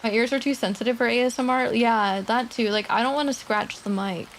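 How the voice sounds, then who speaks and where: A woman streamer chatting casually and quietly with her viewers at her desk mic, laughing often and swearing now and then. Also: on the high side, fairly even intonation, brisk, slight background noise. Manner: soft-spoken, talking quietly. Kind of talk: casual livestream chat. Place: home streaming setup.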